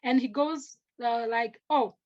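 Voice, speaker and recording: A young woman from Africa telling personal stories as a panelist, earnest and halting, often restarting her sentences and acting out what others said. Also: on the high side, steady tone, muffled recording. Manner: earnest, halting, with restarts, acts out quoted speech.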